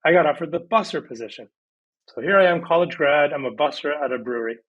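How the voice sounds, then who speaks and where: A man in his thirties, a podcast guest on a video call, telling his story in a lively, casual way and acting out past conversations. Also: on the high side, fast talker, dull audio.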